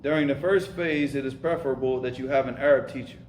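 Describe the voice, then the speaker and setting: A man with a mid-range voice gives an informal lesson as an Arabic and Islamic studies teacher, taking questions live. He talks quickly, casually and emphatically, repeating himself and weaving in Arabic terms. The audio is poor, with a roomy sound and a little hiss or hum.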